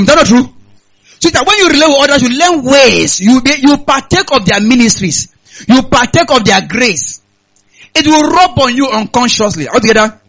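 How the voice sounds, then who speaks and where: A pastor with a Nigerian accent preaches a sermon on stage in a church hall, repeating his points and asking the audience to answer back. His voice is extremely high-pitched and a bit bright, and the audio is poor.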